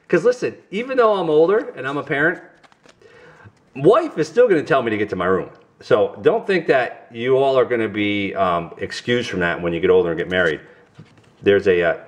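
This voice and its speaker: Goofy, chatty New York dad. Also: male voice, mid-range voice, sing-song, brisk. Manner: goofy, chatty, talks straight to viewers. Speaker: family vlog host. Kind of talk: casual card-opening vlog.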